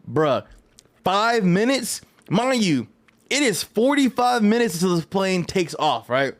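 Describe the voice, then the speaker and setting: Guy ranting on his vlog, kinda high voice, slangy and cussing, lots of "right?". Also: measured pace. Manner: animated, profane, slangy ranting; loose, rambling delivery with frequent "right?". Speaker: fighting game vlogger. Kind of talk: casual storytelling vlog.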